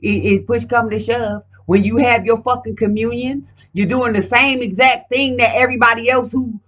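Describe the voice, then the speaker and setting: A woman's voice: fairly high pitch, fairly even intonation, moderate pace, a bit bright. A woman doing a casual card reading at home, talking in a profane, emphatic, rambling way. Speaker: card reader.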